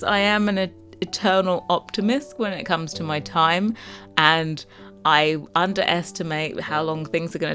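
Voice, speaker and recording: Londoner woman, lowish voice, casual rambling chat to viewers, soft music underneath. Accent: London English. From London, England. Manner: chatty and rambling, lots of fillers, self-teasing. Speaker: Sims builder and YouTuber.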